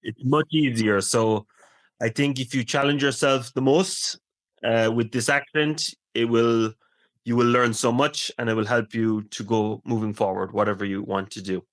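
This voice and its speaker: A man from Ireland with a Cork accent talks easily in a casual conversation, pausing on ums and uhs as he explains. He speaks at an everyday mid pitch. The sound is close and dry, with no room echo. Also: fairly even intonation. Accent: Cork Irish. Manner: measured, with frequent ums and uhs. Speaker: English teacher.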